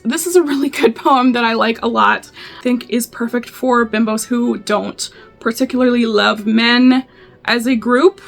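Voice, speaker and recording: Woman host, higher voice with vocal fry, playful irreverent poetry reader, faint music underneath. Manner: playful, irreverent, reads poems aloud with rising fervor. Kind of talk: casual poetry reading with commentary.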